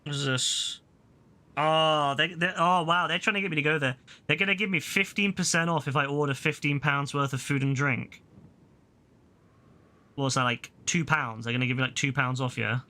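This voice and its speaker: Excitable man, bright voice. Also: on the high side, normal speed. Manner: excitable, slangy, swears casually. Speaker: game streamer. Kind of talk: live gameplay stream, chatting with chat.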